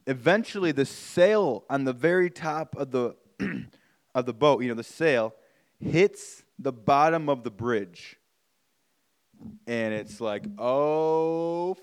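A man, hosting a podcast and telling a story casually and animatedly, swearing and saying "like" and "man" a lot. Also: medium pitch. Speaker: podcast host.

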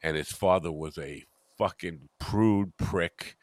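A man hosting a casual podcast chat, telling blunt, profane stories in a gruff, offhand way. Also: deep voice, slow, dry recording. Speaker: podcast host.

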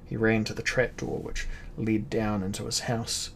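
Low-voiced man, measured fantasy audiobook narration, slight hiss. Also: little pitch movement, creaky. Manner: measured, dramatic storytelling.

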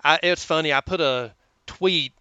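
A man with a Southern American drawl, chatting as a podcast guest in a slow, friendly way. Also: a little high, bright, forceful tone, clear, resonant tone, dry recording, muffled recording. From Southern United States. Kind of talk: casual podcast chat.

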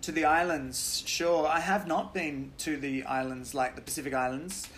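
Animated Australian man telling stories. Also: fairly high pitch, moderate pace, slight background noise. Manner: animated storytelling, swears freely, laughs often. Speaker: guest. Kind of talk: casual podcast chat.

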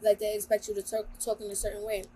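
A woman's voice: medium pitch, completely flat delivery, fast, mellow, slight background noise. A young woman co-hosting a podcast in casual chat, talking bluntly and emphatically with lots of slang. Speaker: podcast co-host.

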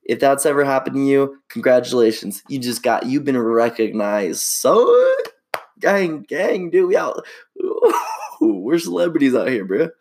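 A man's voice: mid-range voice, animated, moderate pace, a little mellow. A young man hosting his own podcast, rambling in an upbeat, slangy way. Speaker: podcast host. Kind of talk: casual solo podcast chat.

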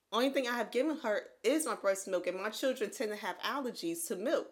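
A woman's voice: medium pitch, fairly quick, few pauses. A woman in her thirties telling a personal story on a casual podcast, acting out what others said to her. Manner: animated, acts out quotes of others. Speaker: podcast co-host.

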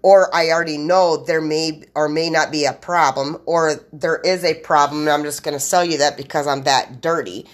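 A rambling woman host talks straight to her listeners on her own podcast, piling run-on sentences on top of each other. Her voice sits a little low, and she swears freely and bluntly. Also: steady tone, normal speed, hardly any pauses. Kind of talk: rambling solo podcast monologue.

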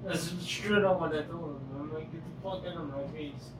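A man's voice: fairly high pitch, brisk. Blunt, swearing man on a podcast. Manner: blunt, swearing, dry storyteller. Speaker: podcast regular. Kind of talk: casual chat. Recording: echoey room with clear noise, far mic.

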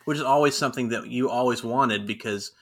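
A man co-hosts a podcast with a bright, forward tone. He recaps events in a chatty, storytelling way and acts out the quotes. His pitch sits in the middle for a man. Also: brisk. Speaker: podcast co-host. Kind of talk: casual wrestling recap chat.

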